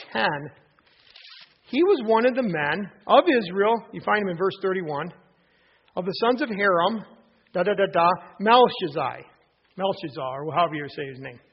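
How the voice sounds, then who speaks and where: A man delivers a sermon in a raised, husky voice. He speaks earnestly, restarting phrases and pausing for emphasis. The recording is dull and lo-fi. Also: high-pitched. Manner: earnest preaching with frequent restarts and emphatic pauses. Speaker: pastor.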